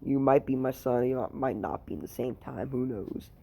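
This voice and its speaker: A man voicing a laid-back male dragon father who talks in casual, offhand slang, in a mellow voice. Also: mid-range voice, moderate pace, vocal fry, a little hiss or hum, lightly acted.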